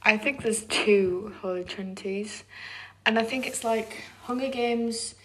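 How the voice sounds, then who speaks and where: A woman's voice: on the high side, fairly bright tone. Chatty young woman podcast co-host. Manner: chatty, gushing fan talk with quick asides. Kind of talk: casual chat.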